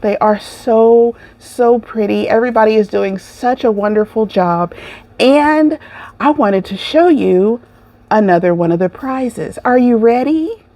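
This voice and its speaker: Lively woman ranting in casual chat. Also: a little high, measured pace, no echo. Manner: animated, ranting, laughing. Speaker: crochet podcast host.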